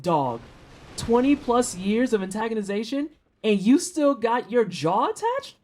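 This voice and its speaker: In a sing-song, darkish, mid-range voice at a slightly slow pace, a St. Louis streamer in their 30s chats casually with viewers mid-game. They joke around, swear freely, and trash-talk in slang.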